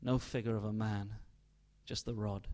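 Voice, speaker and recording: A man narrating a dark tale in a slow, deliberate, hushed storytelling manner. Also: on the low side, little pitch movement.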